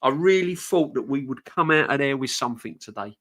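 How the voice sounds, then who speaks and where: A man with a mid-range, slightly bright voice talks briskly with lively intonation. He's hosting a live stream for a fan channel, ranting passionately, fuming, and repeating himself.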